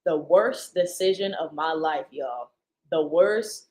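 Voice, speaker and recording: A woman's voice: deep voice, slow pace, low-quality recording. Slangy woman telling a story on a livestream. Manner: slangy, animated, talks loudly at times. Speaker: livestream host. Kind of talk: casual storytelling to a live audience. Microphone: computer's internal mic.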